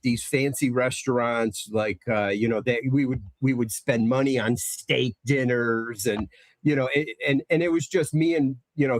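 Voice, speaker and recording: A man from Connecticut, USA, appears as a guest presenter on a podcast, chatting casually and rambling through stories with lots of fillers and restarts. His voice is mid-range and the recording is dry.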